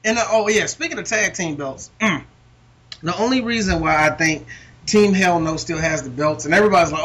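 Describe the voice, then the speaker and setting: A man's voice: high voice, brisk, a bit bright. A man chatting casually about wrestling as a podcast co-host, rambling with lots of fillers. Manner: rambling, many fillers, laughs often.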